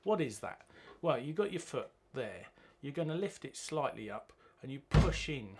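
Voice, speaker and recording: A man's voice: mid-range voice, sing-song, normal speed, very noisy. A man teaching a drum lesson, chanting rhythm words as he plays. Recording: loud drumming behind the voice. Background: drum kit playing.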